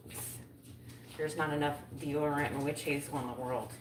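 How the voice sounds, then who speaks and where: A woman's voice: low voice, fairly even intonation, normal speed, noisy background. A woman hosting a casual livestream from home, chatting with viewers in a playful, self-mocking way. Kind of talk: casual chat.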